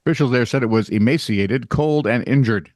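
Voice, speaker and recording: A man's voice: mid-range voice, fairly quick, a little mellow, no echo. A man co-hosting a comedic news podcast, reading stories and cracking teasing jokes in casual banter. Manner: wisecracking, teasing. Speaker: podcast co-host, news reader.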